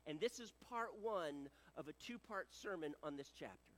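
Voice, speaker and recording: A pastor with a high voice preaches a sermon. He talks earnestly and exhorts the congregation, dropping low and soft when he prays and rising loud to stress a point. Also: animated, normal speed. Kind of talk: sermon with scripture reading and prayer.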